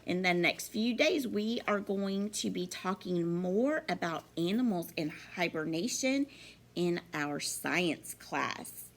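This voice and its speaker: A woman teacher reading a picture book aloud to children in an animated, expressive way. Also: lowish voice, vocal fry. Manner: animated, expressive, slow and deliberate.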